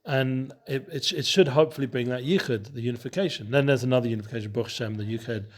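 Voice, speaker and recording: A man's voice: mid-range voice, very fast. A man teaching a Torah study session and hosting the show, talking loosely with many restarts and mixing in Hebrew and Yiddish terms.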